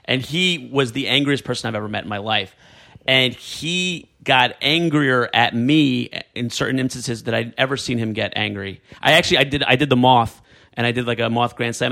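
A man with a gravelly, bright, edgy voice, telling stories in an easy back-and-forth. He gets animated and laughs partway through his sentences. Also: mid-range voice. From New York. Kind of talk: casual conversation.

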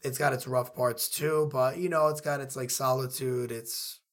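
A man from Queens with a New York accent, an excitable podcast co-host who rambles and repeats himself in casual chat. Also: medium pitch, normal speed.

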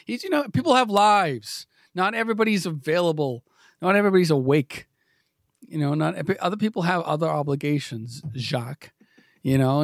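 Podcast host, forties, rambling and self-deprecating, stammers restarts, slightly high voice. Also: male voice, no room sound, clean studio sound. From New England. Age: 40s. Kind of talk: rambling comedic podcast chat.

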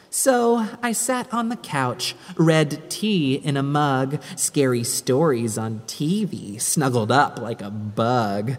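Very slow woman reading a rhyming tale. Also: low voice, a little mellow. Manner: dramatic, sing-song rhyming delivery. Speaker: storyteller. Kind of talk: rhyming spooky story reading. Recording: long hall-like reverb.

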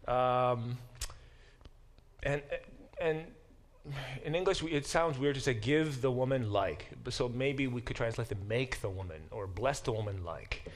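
A middle-aged man lectures to a Bible class in a medium-pitched, fairly bright voice with lively intonation, speaking a little slowly. Explanatory and digressive, he keeps correcting himself and gives the verses he reads aloud an emphatic, lifted delivery.

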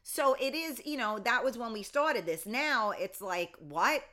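Bright-voiced woman hosting a livestream. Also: on the high side, expressive, unhurried. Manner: chatty, warm greetings to viewers, reads comments aloud. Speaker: livestream host. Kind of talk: casual livestream chat reading comments.

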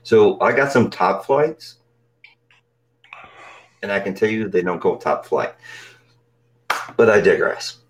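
A man with a very low voice co-hosts a casual podcast, spinning teasing stories and laughing often. A faint ambience sits under his voice. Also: lively intonation, takes it slowly, long pauses, slight background noise, rough recording. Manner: joking, teasing storyteller who laughs a lot. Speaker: podcast co-host. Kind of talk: casual chat.

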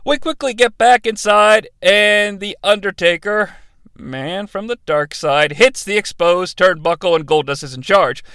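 A man's voice: high-pitched, measured pace, bright, forceful tone, clear, resonant tone, no room sound. A man hosting a podcast, giving a comedic play-by-play recap with sarcastic, profane asides. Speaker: podcast host recapping a wrestling event.

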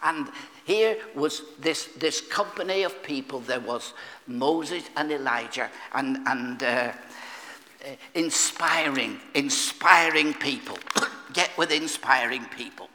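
A male pastor preaching a sermon in a church, often clearing his throat between phrases. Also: mid-range voice, takes it slowly, sharp tone, big-room sound.

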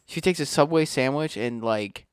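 A man's voice: medium pitch, normal speed, smooth, no echo, studio quality. A man co-hosting a podcast in casual chat, rambling and crude with many fillers. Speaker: podcast co-host.

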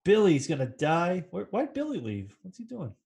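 A man's voice: sits high, wildly swooping pitch, moderate pace, creaky, a little mellow, breathy edge. A man co-hosting a casual review podcast, trading sarcastic jokes about a bad movie and giggling often. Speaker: podcast co-host. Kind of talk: casual movie-riffing chat.

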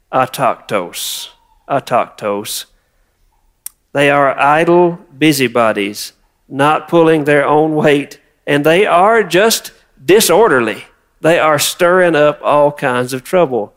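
A man's voice: on the high side, fairly bright tone. A man preaching a sermon, reading scripture and prompting the congregation to repeat words. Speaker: pastor.

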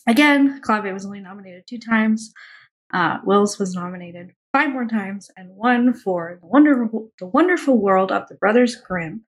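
A woman's voice: mid-range voice, moderate pace, low-quality recording. Woman co-host reading award lists. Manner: reads award lists with many ums and uhs. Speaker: podcast co-host. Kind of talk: casual podcast chat.

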